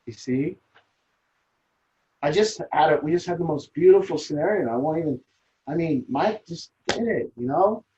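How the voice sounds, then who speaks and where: A man's voice: fairly high pitch, warm tone, dull audio. Earnest man leading a recovery group. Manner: earnest, emphatic, repeats phrases. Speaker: group leader.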